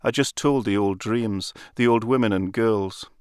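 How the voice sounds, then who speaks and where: A man reading a literary story aloud in a calm, measured storytelling manner. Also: lowish voice, clear, resonant tone, no echo, studio quality. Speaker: narrator. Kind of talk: literary audiobook narration.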